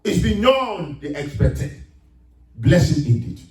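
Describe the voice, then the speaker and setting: A man preaching a sermon in a high, lively voice that rises to emphatic shouts on the scripture. The sound is roomy and echoing, picked up from some distance in a church hall. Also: slow pace. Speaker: pastor. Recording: echoey room, mic at a distance.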